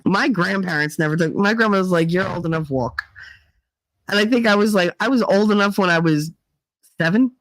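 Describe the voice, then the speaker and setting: A woman from Northeast Pennsylvania hosts a casual livestream and tells stories in a loose, filler-heavy way. She slips into other people's voices when she quotes them. Her voice sits at a middle pitch and the recording is dry and close. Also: fairly quick, no room sound, low-quality recording. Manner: chatty storyteller, many fillers, mimics voices in quotes. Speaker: livestream host reading chat. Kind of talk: casual chat.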